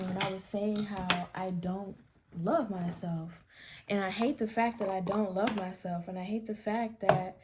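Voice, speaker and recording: A woman's voice: mid-range voice, very noisy. A young woman doing her makeup while telling her story in a candid, rambling chat, often restarting her sentences. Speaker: vlogger. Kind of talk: casual get-ready-with-me chat.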